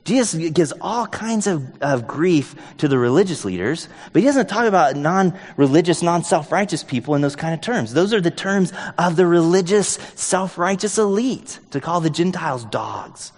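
A male pastor with a fairly high voice preaches in a casual, joking tone, often thinking aloud. The sound has a long reverb from an echoey hall. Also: breathy edge. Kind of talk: sermon.

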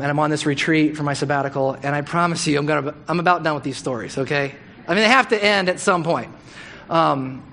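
A middle-aged man giving a sermon, telling a story in a casual, animated way and acting out the quotes. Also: fairly high pitch, a little hiss or hum.

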